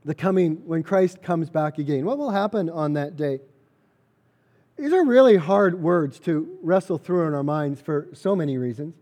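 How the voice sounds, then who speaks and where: A man's voice: on the high side, animated, moderate pace, warm tone. A man preaching a sermon, earnest and emphatic, repeating key phrases for weight. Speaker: pastor.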